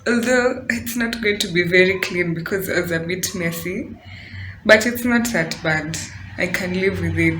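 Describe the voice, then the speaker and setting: Slow-talking chatty woman vlogging at home. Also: on the low side, slight background noise. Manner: chatty and excitable, laughing at her own mess. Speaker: DIY vlogger. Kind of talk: casual home vlog. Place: indoor room at home. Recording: roomy home audio with faint background.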